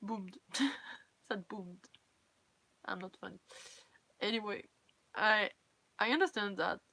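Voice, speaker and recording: A woman's voice: mid-range voice, slow pace, vocal fry, bright, forceful tone, no room sound. A young woman from France with a French accent, chatting casually and candidly on a live stream in English, her second language. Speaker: cosplay livestreamer.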